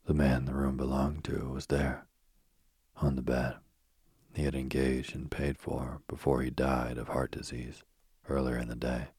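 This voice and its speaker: A man reading a spooky bedtime story in a soft, slow, husky whisper, close to the mic. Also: rumbling low, flat delivery, no echo.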